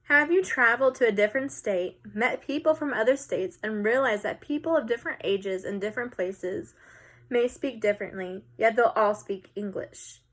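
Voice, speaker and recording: A woman's voice: a little high, moderate pace. Casual woman teacher explaining a lesson. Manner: casual, conversational, with fillers. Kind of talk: recorded lesson walkthrough.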